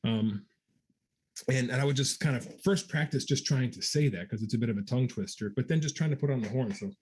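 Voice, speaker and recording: A man, a guest trombonist, answering viewer questions in a casual livestream, pausing with many ums and scatting practice syllables aloud. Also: medium pitch, a little mellow, slightly rough.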